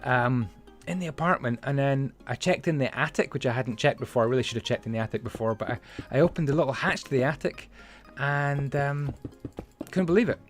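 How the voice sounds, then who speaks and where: Male host, mid pitch, rambling build commentary with story asides, faint music behind. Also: a little fast. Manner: rambling, chatty, many fillers and asides. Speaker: Minecraft building channel host.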